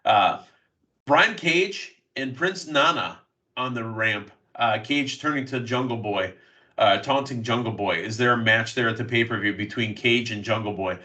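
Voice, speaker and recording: A man hosting a casual wrestling news podcast, recapping matches in quick play-by-play bursts. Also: mid-range voice, bright, forceful tone, recorded from a distance. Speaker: podcast host.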